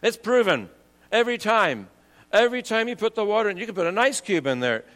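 Man with a cold, sermon, high-pitched, long echo of a hall, slows down for scripture. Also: big pitch swings, fairly bright tone. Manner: conversational preaching, slows to read scripture. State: has a cold. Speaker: pastor.

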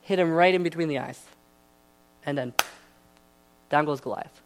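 A man's voice: fairly high pitch, normal speed, over music. A young man giving a sermon in a casual, chatty way, full of asides and fillers. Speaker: preacher.

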